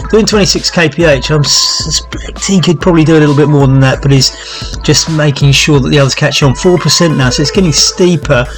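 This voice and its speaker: A man with a slightly high voice commentates a virtual cycling race in a loose, chatty way. He calls out gradients and gaps between riders, with lots of ums and uhs. Faint music plays behind him. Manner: chatty, relaxed, with many fillers and gradient call-outs.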